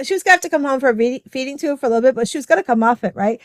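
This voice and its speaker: A woman's voice: sits high, very fast, hardly any pauses, a bit bright, dry recording. A middle-aged woman chatting as a podcast guest, telling a personal story casually and often saying "like" and "right?". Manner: chatty, heavy use of "like" and "right?".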